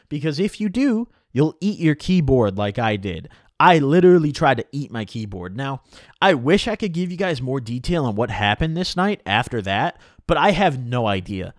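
A young man tells a story to his viewers in loose, slangy talk full of swearing. His pitch swings widely as he talks. He was recorded close to the mic in a dry room. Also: fairly quick, no echo. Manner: animated, slangy, swears freely. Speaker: vlogger. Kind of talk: casual storytelling vlog. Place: home room.

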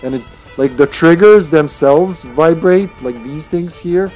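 A man's voice: a little high, measured pace, darkish tone, faint music behind. A man chatting playfully and laughing as he plays a game on a live stream.

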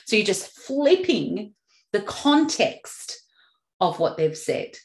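A woman's voice: mid-range voice, big pitch swings, slow pace, reverberant. A woman hosting a self-help podcast, talking in a casual, chatty way and laughing now and then. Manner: chatty, laughs at her own stories. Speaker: podcast host.

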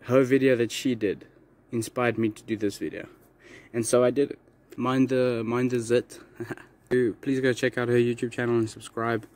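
A man's voice: medium pitch, flat delivery, normal speed, a little mellow. A young man casually introducing his video, rambling and correcting himself with little laughs. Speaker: YouTube creator.

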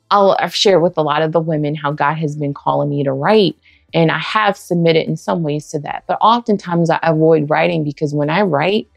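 A woman's voice: deep voice, vocal fry, dry recording, clean studio sound. A woman giving a heartfelt personal testimony at church, talking in a conversational way and acting out bits of dialogue. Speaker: women's ministry speaker.

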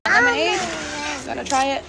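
A woman's voice: very high-pitched, very animated, moderate pace, creaky. A mother filming a casual family vlog outdoors, cheering her little son on in baby talk and laughing often. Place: outdoors at a farm with slides and apple picking. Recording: loud outdoor background noise.

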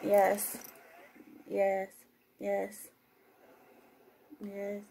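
Slow, soft-spoken woman reading scripture. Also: medium pitch, completely flat delivery, creaky, slight background noise, low-quality recording. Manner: slow, deliberate reading; chatty and laughing on the phone.

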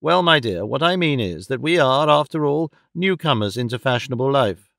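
A man reading an audiobook voices a proud, sharp-tongued young woman who talks in a lofty, affected way. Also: mid-range voice, animated, gravelly, no room sound, studio quality. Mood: lofty, confiding. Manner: lofty, affected, quick to snap.

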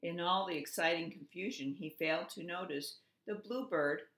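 A woman, a preschool teacher, reading a storybook aloud in a slow, expressive way. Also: on the low side, gravelly. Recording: echoey room.

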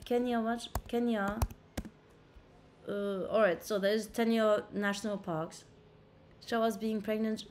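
A woman's voice: mid-range voice, measured pace, slight background noise. A woman livestreaming casually on a laptop mic, brash and profane, bickering with her chat. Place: indoors at a laptop.

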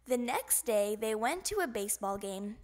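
A woman reading a children's picture book aloud in an animated, expressive way. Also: fairly high pitch, moderate pace. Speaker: storybook reader. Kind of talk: children's storybook read-aloud.

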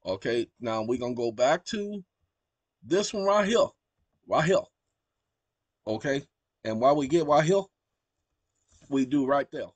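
A man's voice: medium pitch, lively intonation, unhurried, long pauses, no room sound. A man hosting his own channel, talking casually as he walks through a screen share and dictates commands aloud to a voice assistant at his computer. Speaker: channel host.

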